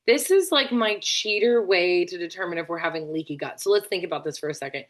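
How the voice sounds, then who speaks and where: Woman teacher, lowish voice, chatty and tired, explains things casually. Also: fast. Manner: chatty, lots of fillers and asides. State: tired, yawning. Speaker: functional medicine practitioner.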